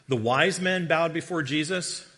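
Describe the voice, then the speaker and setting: Animated, bright-voiced man preaching in a hall. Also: a little high, measured pace. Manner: animated storyteller, jokey asides. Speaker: guest preacher. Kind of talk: sermon with humorous personal story. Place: church sanctuary. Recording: long reverb of a large hall.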